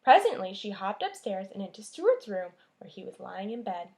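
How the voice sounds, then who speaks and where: A woman teacher reading a chapter book aloud to her class, telling the story expressively and pausing to point at the pictures. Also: medium pitch, sing-song, vocal fry, a little mellow.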